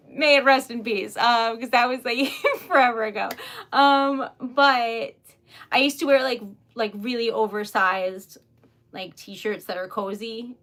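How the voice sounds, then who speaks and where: A woman's voice: on the high side, steady tone, measured pace, a bit bright. A young adult woman chatting casually on a craft livestream, giggly and talkative, often saying "y'all".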